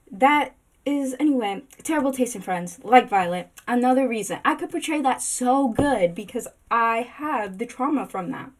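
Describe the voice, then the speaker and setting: A woman with a slightly high voice talks her way through a casual slideshow vlog. She rambles, giggles often and pokes fun at herself. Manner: giggly, rambling and self-deprecating. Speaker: booktok vlogger.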